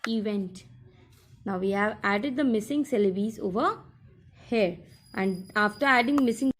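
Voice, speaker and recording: In a recorded lesson with a little hiss or hum, a woman teacher with a mid-range voice explains workbook exercises. She goes slowly, step by step, and repeats her instructions.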